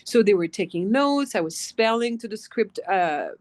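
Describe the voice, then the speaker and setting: A woman from France with a French accent, a voice actress telling animated stories in a casual interview and acting out the quotes. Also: mid-range voice, moderate pace. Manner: animated storytelling, acts out quotes, swears casually. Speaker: guest voice actress.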